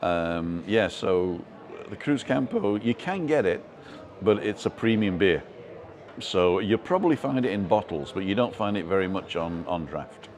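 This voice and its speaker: Low-voiced, relaxed man chatting on a live stream. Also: measured pace. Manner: chatty, rambling, reading out viewer comments. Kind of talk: casual live stream chat.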